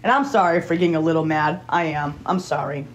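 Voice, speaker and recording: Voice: mid-range voice, brisk, slight background noise, poor audio. A streamer in an unscripted live stream on a phone, tense and angry but holding it in, talking in repetitive pleading phrases and often asking "okay?".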